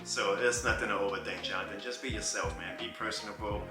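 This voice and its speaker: A man in his thirties telling a personal story in a casual vlog, animated and often laughing. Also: on the low side, fast talker. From New Orleans. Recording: roomy with faint music.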